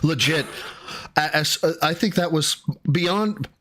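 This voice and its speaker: A man's voice: fairly high pitch, measured pace, a bit bright. A man hosting a casual online talk show, joking and acting out phone calls with lots of laughter. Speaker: podcast host. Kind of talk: casual chat.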